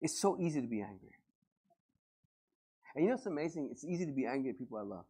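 A male pastor preaching a lively, joking sermon to a congregation and acting out everyday scenes. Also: medium pitch, fast talker, slightly rough. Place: church service before a congregation.

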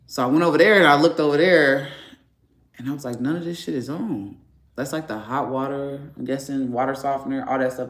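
A man vlogging at home, venting angrily in a profane, rambling rant from his garage. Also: medium pitch. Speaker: family vlogger. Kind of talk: casual vlog rant. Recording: echoey garage room.

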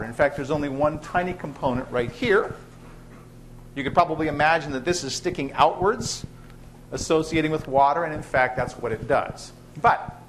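A man's voice: high voice, a little hiss or hum. A man lecturing to students in a lecture hall, chatty and joking as he teaches. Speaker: biochemistry professor. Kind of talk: university lecture.

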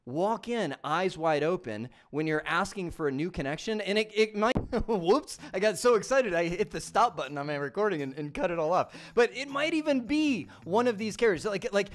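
A middle-aged man from Michigan teaching a casual tech lesson, animated and repeating his words as he acts out phone calls. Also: high-pitched, moderate pace, few pauses. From Michigan, USA. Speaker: tech instructor.

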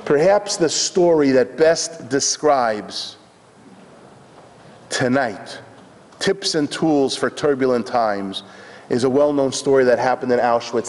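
An older man, a rabbi, telling a story in sermon style, dramatic and shifting between hushed and soaring delivery. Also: medium pitch. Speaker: rabbi giving a lecture. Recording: hall reverb.

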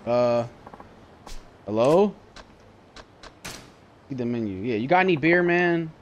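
Young man ranting through a game, animated. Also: mid-range voice, slow, muffled recording, a little hiss or hum. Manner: cursing, exasperated, ranting. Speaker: gamer. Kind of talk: frustrated gameplay commentary.

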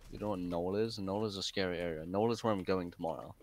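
A man's voice: low voice, fast talker, a little mellow. A young man streaming a game live, joking, flustered and laughing often. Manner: jokey, flustered, laughs a lot. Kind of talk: live gaming stream chat.

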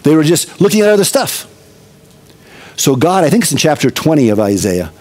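A man's voice: fairly high pitch, very animated, a little fast, a little mellow. A middle-aged male pastor preaching a conversational expository sermon, with emphatic repetition.

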